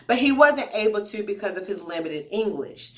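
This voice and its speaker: A woman's voice: mid-range voice, moderate pace. A woman who teaches English online tells stories about her students in a casual, chatty way, speaking straight to her viewers. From United States. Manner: animated, chatty, addresses viewers directly. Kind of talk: casual vlog storytelling.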